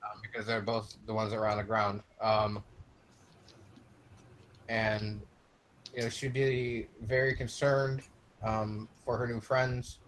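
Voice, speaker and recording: A man's voice: on the low side, flat delivery, takes it slowly, pauses often, fairly bright tone, slight background noise, rough recording. A man playing a tabletop game, explaining his character's actions with many fillers and corrections. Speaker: player. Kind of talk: casual tabletop game chat.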